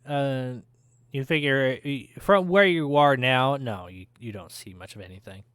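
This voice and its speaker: A man running a tabletop game as game master, narrating in a slow, hesitant way with many fillers. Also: medium pitch, fairly bright tone, smooth, no room sound, studio quality.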